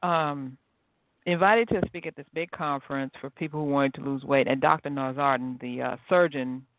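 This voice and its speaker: A woman podcast host giving a chatty, animated motivational talk, telling stories to her listeners. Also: very deep voice, moderate pace, no room sound. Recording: tinny phone-like line, dry.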